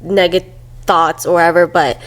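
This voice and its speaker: A young woman co-hosting a podcast, talking in a soft, reassuring and comforting way. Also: on the low side, level tone, moderate pace, poor audio. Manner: soothing, reassuring, soft-spoken. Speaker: podcast co-host. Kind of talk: casual heartfelt chat.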